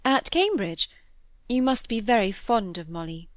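A woman reading the part of a witty, playful young Victorian woman, light and teasing, a little higher in pitch. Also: big pitch swings, unhurried, no echo, studio quality. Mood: gentle. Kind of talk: audiobook character reading.

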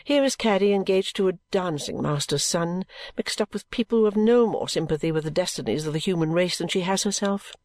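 A woman voicing a placid, self-absorbed middle-aged mother who speaks in a calm, lower voice. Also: a little fast, hardly any pauses, close to an everyday voice. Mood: serene dismissive.

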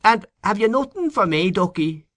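A touchy, self-pitying middle-aged man, voiced by a male audiobook reader, who talks with indignant, lively rises. The voice sits higher than the narrator's own. The recording is dry and close. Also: moderate pace, no echo. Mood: playful. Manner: indignant, then coaxing and comical. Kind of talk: audiobook character voice.

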